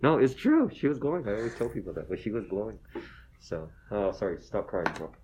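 A man in his forties telling stories as an interview guest, animated and self-deprecating, often tagging "okay?" onto his lines and going soft and emotional when he talks about his wife. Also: on the low side, fast, very noisy. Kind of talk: casual storytelling interview.

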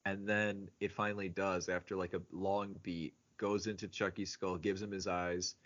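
A man's voice: sits low, level tone, fairly bright tone, highs cut off. A man co-hosting a podcast, chatting casually about a horror movie and laughing a lot. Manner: laughs often, does quick silly voices. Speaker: podcast co-host.

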